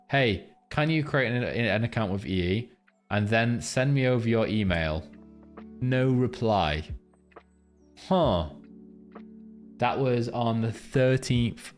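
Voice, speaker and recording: Crude, joking man, deep voice. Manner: crude, joking, rambling banter with chat. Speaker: trading live streamer. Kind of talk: casual live-stream chat and chart lesson.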